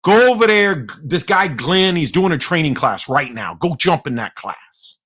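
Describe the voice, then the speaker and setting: A man's voice: a little high, expressive, normal speed, a bit bright, voice pushed up. A man putting on a brash New Jersey boss. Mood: barking. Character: loud brash male call center boss.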